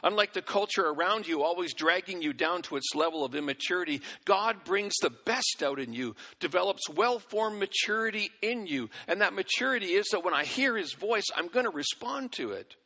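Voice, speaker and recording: A man's voice: high-pitched, lively intonation, moderate pace, few pauses, pushed and bright. A male preacher giving a sermon, exhorting and folksy, with acted-out asides, in a church hall. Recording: long hall reverb.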